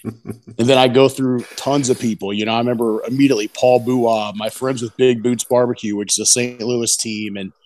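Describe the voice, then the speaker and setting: A middle-aged man, a competition barbecue pitmaster, telling a rambling, excited story in a casual interview, often saying "you know what I mean". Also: medium pitch, normal speed, dry recording.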